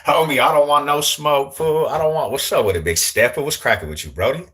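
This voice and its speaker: A man's voice: medium pitch, fairly quick, sharp tone. A young man hosting a casual livestream, joking in slang and greeting viewers in the chat. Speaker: livestream host.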